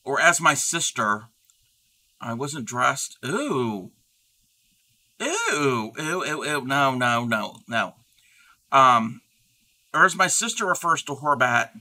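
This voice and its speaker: Very bright-voiced man chatting on stream. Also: mid-range voice, very animated, takes it slowly, long pauses. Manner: rambling, reading and answering chat aloud. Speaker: livestream host. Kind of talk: casual livestream chat.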